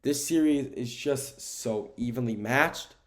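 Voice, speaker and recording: A young American man hosting a sports podcast alone. He rambles in casual chat, repeats himself and uses a lot of fillers, and he gets excited when he talks about the games. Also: mid-range voice, normal speed. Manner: grows excited when talking about the game. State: sleepy, keeps yawning. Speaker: podcast host.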